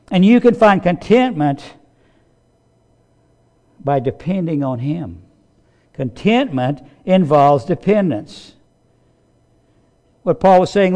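A man preaching a sermon, emphatic, repeating key phrases and swelling louder on his points. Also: high-pitched, lively intonation. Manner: slow, deliberate delivery. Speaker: pastor.

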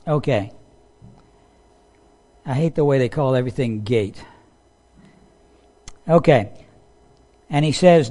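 A man's voice: medium pitch, takes it slowly, pauses often, dark tone. A man preaching a sermon, talking casually to his listeners, acting out quotes and asking them questions. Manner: conversational, acts out quotes, asks the audience.

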